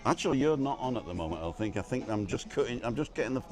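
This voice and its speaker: A man hosts a casual live stream outside an inn by the road, his voice at an ordinary middle pitch. He talks in a jokey, chatty way and reads out viewers' names one after another. Faint music plays behind him. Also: expressive, quick pace. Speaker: livestream host.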